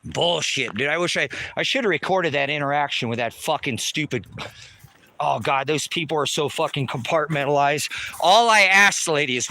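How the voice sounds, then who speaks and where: Agitated swearing man, bright voice. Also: on the high side, normal speed, vocal fry. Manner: heavy swearing, repetitive and agitated. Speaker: livestreamer. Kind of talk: angry live-stream rant.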